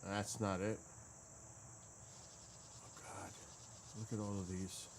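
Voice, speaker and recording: A man's voice: lowish voice, flat delivery, takes it slowly, heavy background noise. A man in a casual chat, muttering to himself as he searches through old files and explains how he recorded his music. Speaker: gaming streamer and drummer.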